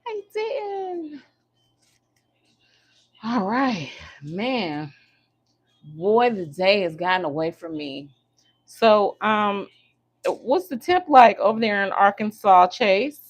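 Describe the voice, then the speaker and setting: A woman's voice: medium pitch, expressive, slow. A woman hosting a casual livestream, chatting and teasing her viewers while she works on her hair. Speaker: livestream host.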